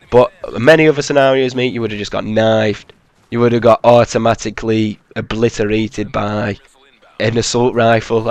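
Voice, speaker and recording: A man talks loosely over his own gameplay, rambling and swearing as he goes. His voice sits at a middle pitch, neither high nor low. It is recorded dry and close, with no room sound. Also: no room sound. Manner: rambling, profane, laid-back, with many fillers. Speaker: gameplay commentator. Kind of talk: casual commentary over gameplay footage.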